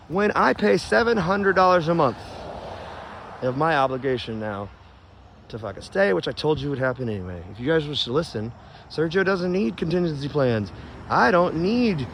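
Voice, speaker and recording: A man's voice: fairly high pitch, vocal fry, fairly bright tone, slight background noise. A man ranting angrily and profanely into his phone camera while outdoors in his yard, stoned and rambling. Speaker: vlogger.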